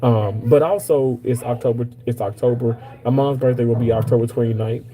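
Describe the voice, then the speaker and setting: A man's voice: medium pitch, steady tone, brisk, dark tone, poor audio. A man, around his thirties, casually chatting to his viewers and telling a long personal story with emphatic repetitions. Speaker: streamer talking to viewers. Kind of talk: casual live chat.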